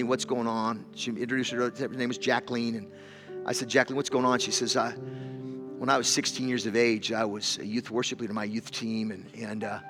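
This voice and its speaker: A man preaching, telling a story with repeated words and rising intensity. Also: lowish voice. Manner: storytelling, repeats words, builds to loud emotional climax. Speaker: pastor. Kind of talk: sermon. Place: church hall with an audience.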